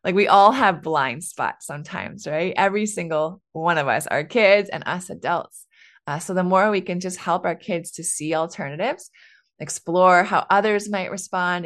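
A woman in her thirties hosting a casual solo podcast, chatty and candid, laughing often and sprinkling in "like" and "right.". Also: on the low side. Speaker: podcast host.

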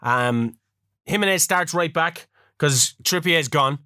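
A man co-hosting a casual chat show, swearing freely and laughing often as he tells animated stories. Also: fairly high pitch, takes it slowly, dry recording, studio quality. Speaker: podcast co-host.

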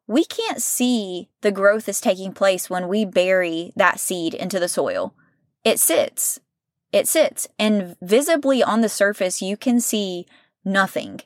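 A woman hosting a faith-based podcast, talking in an earnest, conversational way, often checking in with "right?" and sometimes slowing and softening as she gets emotional. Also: medium pitch, dry recording, clean studio sound. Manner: earnest, conversational, with frequent "right?" and "you know". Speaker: podcast host.

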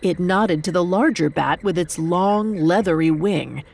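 A woman narrating a dark storybook myth in a measured, dramatic way. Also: on the low side, vocal fry. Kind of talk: scripted narration.

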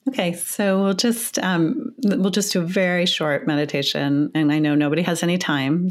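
A woman who teaches mindfulness, a guest on the show who talks through a guided meditation in a slow, soothing way. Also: deep voice.

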